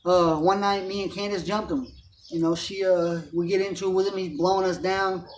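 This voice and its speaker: A man's voice: high voice, level tone, normal speed. A man telling his life story in a rambling, profane way, full of street slang and fillers like "man" and "dog". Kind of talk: casual personal storytelling.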